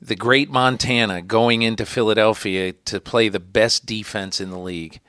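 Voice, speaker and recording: A male podcast host interviewing a guest, telling anecdotes with lively energy and some hesitant restarts. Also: on the low side, moderate pace, dry recording, studio quality. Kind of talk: conversational interview.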